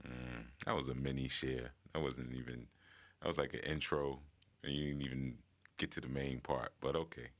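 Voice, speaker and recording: A man's voice: rumbling low, fairly even intonation, normal speed. A man casually sharing reflections in an online group call, conversational with many fillers and restarts. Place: online audio room.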